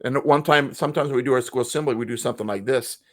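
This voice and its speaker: Male co-host and school speaker with a mid-pitched voice, motivational storyteller. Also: very fast, fairly bright tone. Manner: motivational storytelling, acts out quoted people. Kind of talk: casual chat.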